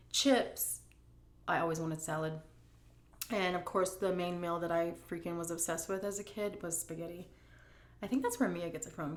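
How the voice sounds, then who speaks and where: Middle-aged woman vlogger, frank and emotional, slightly low voice, echoey room sound. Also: a bit bright. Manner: candid, emotional, drawn-out emphasis. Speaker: vlogger answering viewer questions. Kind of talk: casual Q&A chat.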